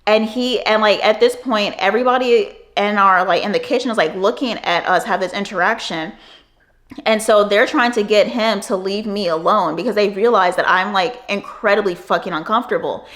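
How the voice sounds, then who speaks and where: A woman's voice: medium pitch, normal speed, fairly bright tone. A woman in her twenties telling a storytime vlog, rambling with many fillers and frequent swearing. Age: 20s. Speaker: vlogger.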